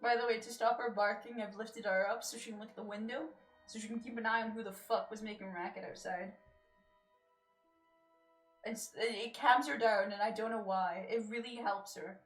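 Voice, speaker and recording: A woman's voice: fairly high pitch, fairly even intonation, moderate pace, roomy sound, soft background music. A woman streamer chatting casually while playing a game, reading dialogue aloud and laughing often.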